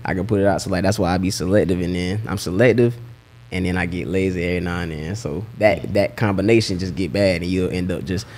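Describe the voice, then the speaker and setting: A young rapper with a Southern US accent talks fast in a slightly low voice. He tells his stories in a laid-back, slang-heavy way. It sounds like a casual interview chat. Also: a little mellow, slight background noise. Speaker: rapper and guest.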